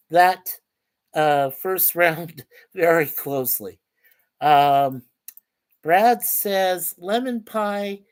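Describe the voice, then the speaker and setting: A chatty man hosts a casual livestream in an easygoing, rambling way. He reads out viewer comments, welcomes people one by one, and trips over his words now and then. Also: sits high. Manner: chatty, stumbles and repeats words. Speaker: livestream host.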